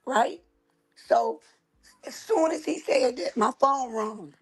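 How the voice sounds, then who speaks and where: A woman's voice: high-pitched, takes it slowly, breathy edge. A woman host, telling a story in casual chat, with emphatic, dramatic repetition. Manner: emphatic, dramatic retelling with repeated phrases.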